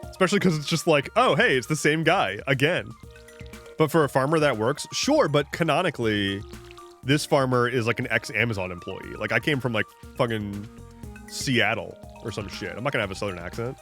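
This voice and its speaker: A man's voice: medium pitch, a little fast, fairly bright tone, soft background music. A man live-streaming a farming game, chatting casually and jokingly to his viewers, rambling between tangents with frequent restarts and the odd swear. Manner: rambling, jokey, talks to chat. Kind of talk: casual live-stream chat while gaming.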